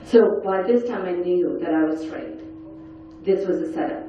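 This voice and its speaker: A woman speaker at a conference panel, telling her own story in an earnest, quiet and intense way. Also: fairly low pitch, normal speed, soft background music. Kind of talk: personal testimony talk. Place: large conference hall. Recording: echoey, dull hall sound from far off.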